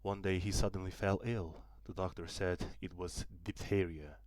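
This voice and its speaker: Brief: young male student narrator, Turkish native, deep voice, dry close read. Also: steady tone, moderate pace, a little mellow, no room sound. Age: young adult. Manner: careful reading with small restarts. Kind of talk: audiobook narration.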